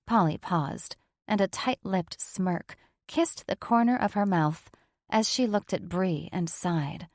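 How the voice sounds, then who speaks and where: A woman's voice: fairly low pitch, unhurried, creaky, no echo. A woman reading a first-person audiobook in a frank, sardonic, unfiltered way, on a close studio mic. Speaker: audiobook narrator.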